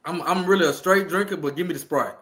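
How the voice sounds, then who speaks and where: A young man, chatting casually as a podcast guest, animated and quick to laugh, repeating his lines as he tells stories. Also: sits high. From Louisiana. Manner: animated storyteller, laughs often, repeats himself.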